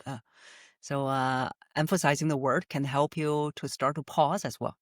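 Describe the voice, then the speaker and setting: A woman's voice: very deep voice, steady tone, moderate pace, dry recording, clean studio sound. A woman voice coach answering podcast interview questions methodically, laying out her points by number with frequent "uh" fillers and easy laughter. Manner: laughs easily. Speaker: voice coach guest.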